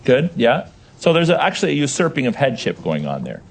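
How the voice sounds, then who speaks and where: Here a creaky, medium-pitched male voice moves briskly through scripture for a class. He stresses key points with animation and keeps turning questions back to the audience.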